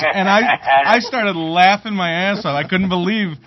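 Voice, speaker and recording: Higher-voiced podcast host, muffled sound. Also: male voice, normal speed. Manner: laughs often, chatty. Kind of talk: casual podcast chat. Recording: muffled lo-fi audio.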